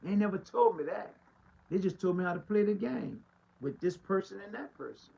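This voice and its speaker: A man's voice: sits high, animated, normal speed, gravelly, mellow, lo-fi sound, slight background noise. A man, a pastor preaching a street-style podcast monologue with emphatic, rhetorical repetition. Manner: emphatic and rhetorical, repeats lines and laughs between points.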